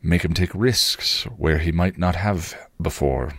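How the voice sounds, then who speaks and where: A cocky, roguish man, as a male reader puts him on, smug and needling behind a reasonable tone. The voice sits fairly low and dry, close to the mic with no room around it. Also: takes it slowly, fairly bright tone, no echo, full character voice. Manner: reasonable tone, taunting.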